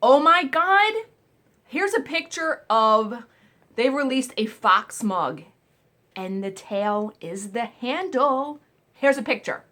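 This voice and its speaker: A woman hosting a casual storytelling vlog, animated and exclamatory, swearing now and then while she eats. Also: fairly high pitch, slow. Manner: eating while talking. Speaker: vlog host.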